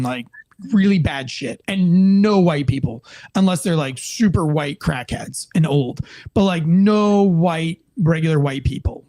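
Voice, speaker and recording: A man with a fairly high voice tells a police story in casual chat, very animated. He acts out quoted voices and swears freely. The sound is close and dry, with no room around him. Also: no echo. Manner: swears casually, many fillers. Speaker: police officer guest.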